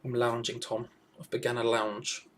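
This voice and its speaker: A man's voice: medium pitch, monotone, moderate pace, fairly bright tone. A young man co-hosting a casual live fan watch-along, laid-back and joking, laughing often.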